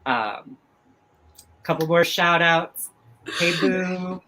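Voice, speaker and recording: Slow, bright-voiced interview host. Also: medium pitch, a little hiss or hum, poor audio. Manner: slow, gives brief reactions and audience shout-outs. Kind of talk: livestream interview.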